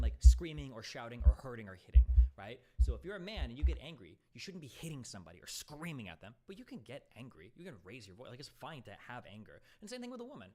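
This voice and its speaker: Fast, blunt man with a dark voice. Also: mid-range voice, slight background noise. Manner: blunt, profane, rambling. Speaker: streamer host. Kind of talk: casual live-stream debate.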